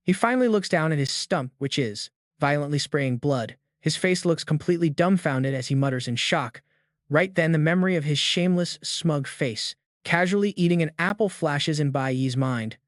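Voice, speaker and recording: A man's voice: fairly high pitch, expressive, moderate pace, dry recording, clean studio sound. A man narrating a comic recap in a dramatic, emphatic storytelling manner.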